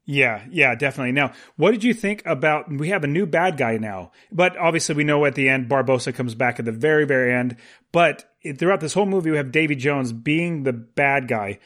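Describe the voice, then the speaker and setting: A man's voice: mid-range voice, a little fast, a bit bright. A man co-hosting a casual film chat, rambling and full of fillers. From United States. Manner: rambling, with frequent fillers and laughs. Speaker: podcast co-host discussing films.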